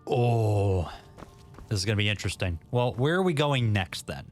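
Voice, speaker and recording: A man's voice: fairly low pitch, expressive, normal speed, soft background music. A man giving casual gameplay commentary, chatty and self-mocking, talking to himself as he plays. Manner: chatty, self-mocking, laughs at his own misreads. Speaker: gaming channel host.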